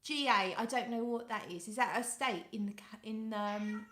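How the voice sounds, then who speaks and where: A British woman from the United Kingdom hosts a casual fragrance livestream from a room at home, greeting viewers by name and reading their comments aloud. Her voice is on the high side at a moderate pace, the room sounds echoey, and she coos softly when talking to her cat.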